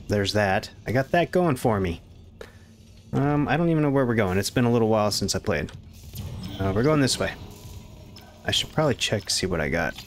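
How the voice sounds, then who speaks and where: A man hosting a horror game playthrough, jumpy and panicky, cursing loudly when startled. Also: on the low side, a little hiss or hum. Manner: jumpy, panicky, swears a lot. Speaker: gaming channel host. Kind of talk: let's play commentary.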